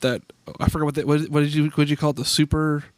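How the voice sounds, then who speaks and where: A man's voice: on the high side, flat delivery, clear, resonant tone, no room sound. A man co-hosting a casual podcast, his voice recorded close and dry with no room sound. He gropes for words, restarting phrases as he goes. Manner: halting, searches for words with many restarts. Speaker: podcast co-host. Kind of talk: casual chat.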